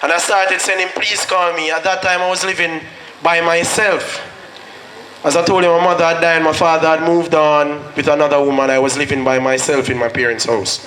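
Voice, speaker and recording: A man's voice: a little high, level tone, moderate pace, a bit bright. A man with a Jamaican accent gives a motivational speech at a school graduation. He tells his story earnestly and slips into patois when he quotes himself. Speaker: guest speaker at a graduation. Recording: echoey hall with faint noise.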